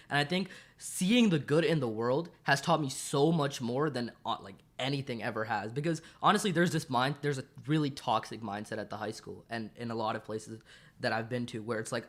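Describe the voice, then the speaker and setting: A teenage boy co-hosting a student podcast, speaking earnestly about his own volunteering and getting louder as he gets worked up. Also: medium pitch, a little fast. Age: teens. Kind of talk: casual podcast chat.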